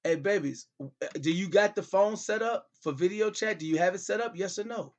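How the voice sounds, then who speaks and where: A man's voice: high-pitched, normal speed. A middle-aged man hosting a comedy show, talking as a father on a call in a pleading, repetitive, exasperated way.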